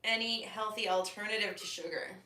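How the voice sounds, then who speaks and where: Woman co-hosting a kitchen stream, teasing and chill, bright voice, roomy echo, sounds a bit far off. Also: mid-range voice, fairly quick, slight background noise. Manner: relaxed, teasing, chiming in. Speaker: co-host reading viewer questions. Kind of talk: casual live-stream chat. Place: home kitchen.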